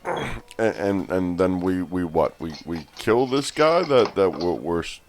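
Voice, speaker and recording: A man playing a tabletop role-playing game, talking in a halting way. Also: sits low, lively intonation, slight background noise. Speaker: player.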